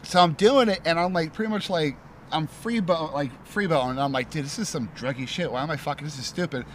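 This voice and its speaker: A podcast guest with a slightly high voice talks fast, telling a rambling story packed with swearing and "like." It's a casual chat, and there's a little hiss or hum in the audio.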